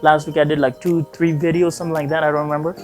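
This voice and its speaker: Racing through a lengthy personal tale, an Afghan vlogger rambles and performs the quoted dialogue, peppering it with "he like" and "I'm like." He speaks on the high side in a flat delivery over soft background music.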